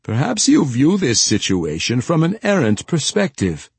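A man's voice: medium pitch, huge pitch swings, a little slow, gravelly, breathy edge, no room sound, voice pushed up, full character voice. A man voicing a wry old castle steward who speaks in a formal, coaxing way. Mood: dry.

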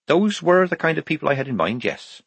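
A man voicing a fierce young woman army sergeant who barks sharp, commanding orders in a raised voice. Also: on the high side, very animated, fairly quick, creaky, slightly rough, no room sound, voice pushed up, full character voice. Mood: firm.

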